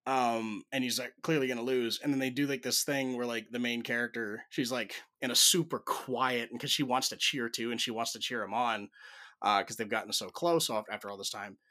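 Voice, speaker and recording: Bright-voiced man rambling casually. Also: mid-range voice, steady tone, fairly quick. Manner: rambling, filler-heavy storytelling with laughs. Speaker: podcast co-host. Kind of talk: casual chat.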